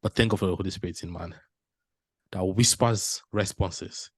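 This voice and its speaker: A man, giving a motivational storytelling talk as a panel speaker, animated and laughing often as he acts out dialogue. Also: lowish voice, no echo, studio quality.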